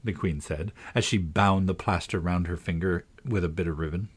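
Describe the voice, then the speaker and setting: A man's voice: deep voice, moderate pace, slightly rough. A man narrating a children's classic aloud, reading expressively and dramatically. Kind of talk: storybook narration.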